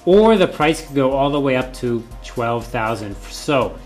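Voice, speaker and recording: A man's voice: medium pitch, expressive, a little slow, faint music behind. A male professor giving a classroom lecture, often repeating key points and asking rhetorical questions.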